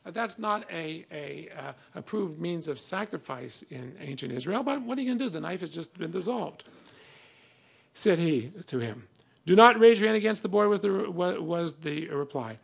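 A man's voice: on the high side, expressive, normal speed, vocal fry, breathy edge. A man giving a conversational classroom lecture on old texts, reading passages aloud with emphasis between many fillers.

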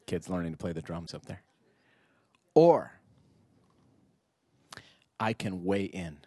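Addressing parents indoors before an audience, this middle-aged man has a deep, husky voice and a slow pace, recorded with no room sound. He delivers a rhetorical, animated public talk, trading lines with the crowd and performing bits of dialogue.

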